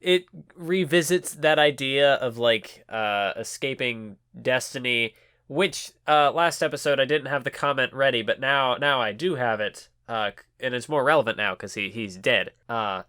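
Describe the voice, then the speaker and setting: A man's voice: medium pitch, normal speed, bright, forceful tone, clear, resonant tone, no echo, studio quality. A young man co-hosting a casual manga podcast, hesitant at first, then explaining at length. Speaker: podcast co-host.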